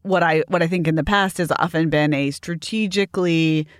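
A woman on a discussion panel, chatty and wry, halting with fillers. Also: deep voice, dry recording, studio quality. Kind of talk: podcast discussion.

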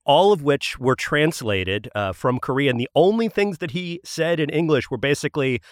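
A man's voice: on the high side, expressive, moderate pace, dry recording, studio quality. A man on a podcast panel making an earnest, analytical argument. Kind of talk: casual chat.

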